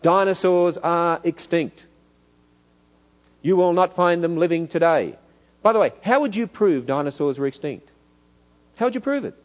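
A middle-aged man with an Australian accent, preaching in a church hall, lively and full of rhetorical questions. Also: a little high, moderate pace, pauses often, highs cut off. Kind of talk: church lecture.

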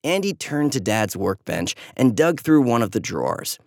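A storyteller reading a children's story aloud with animated, lively delivery. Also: mid-range voice, moderate pace, vocal fry, dry recording, studio quality.

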